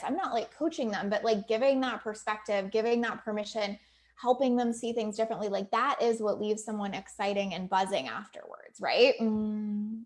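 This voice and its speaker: A woman's voice: mid-range voice, normal speed. Chatty woman coaching on a livestream. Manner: chatty, emphatic, lots of "like" and "right?"; acts out quoted client voices. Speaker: business coach. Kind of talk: casual live video talk to viewers.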